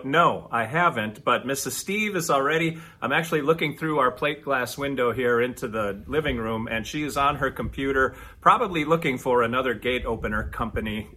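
A man co-hosting a podcast, telling stories in a casual, animated chat with quick asides. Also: mid-range voice, a little hiss or hum. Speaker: podcast co-host.

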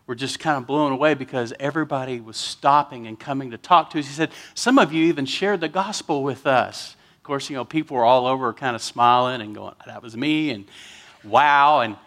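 A man's voice: mid-range voice, fairly quick, a bit bright. A man, a pastor telling an emotional story during a sermon and getting choked up at times.

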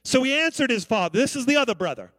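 A man's voice: very high voice, lively intonation, fast, a bit bright, dry recording. A man preaching a sermon as pastor, calling out to the congregation for responses. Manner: preaching with call-outs to the congregation.

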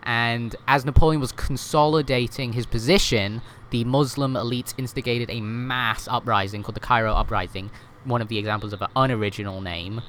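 A man talks through history in a relaxed podcast conversation, peppering his points with fillers and quick self-corrections. He often checks in with "right?" as he goes. Faint background noise sits under the voice. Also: mid-range voice. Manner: chatty, many fillers and self-corrections, tag questions. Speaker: podcast guest explaining history. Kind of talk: casual history podcast chat.

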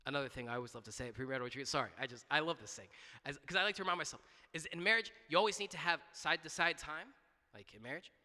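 A man's voice: on the high side, rapid-fire, bright, forceful tone, big-room sound. A man preaching a sermon in a church, talking conversationally with frequent restarts, repeated words and asides of "right?".

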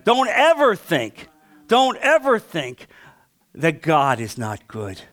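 A male pastor preaching a sermon with passion, asking the congregation questions and swinging from loud to hushed. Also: fairly high pitch, huge pitch swings, slow.

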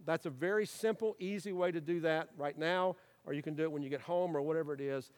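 A man's voice: fairly high pitch, quick pace. A middle-aged man, a pastor giving an earnest, encouraging sermon with frequent fillers and restarts.

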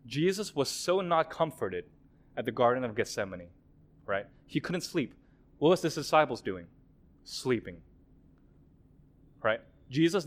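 A man preaching a sermon in a conversational way, often acting out quoted prayers and remarks. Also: medium pitch.

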